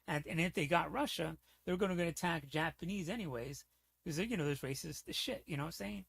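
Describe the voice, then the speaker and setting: On a casual livestream, a man rants in a heated, profane, rambling way, often asking "you know what I'm saying." His voice is a little high, fast, gravelly, husky and a bit bright, with no room sound.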